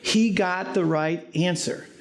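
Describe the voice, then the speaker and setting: Guy preaching, kinda high voice, jokey and chatty, pokes fun at himself. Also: slow. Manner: informal, joking, self-deprecating asides. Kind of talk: conversational sermon.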